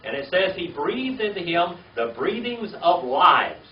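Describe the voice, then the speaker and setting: Teaching a Bible lesson to a small class, this man asks questions, repeats key words and checks in with "all right?" after every point. His high voice is very animated, delivered at a measured pace. The room recording is distant, echoey and dull, with a faint hiss.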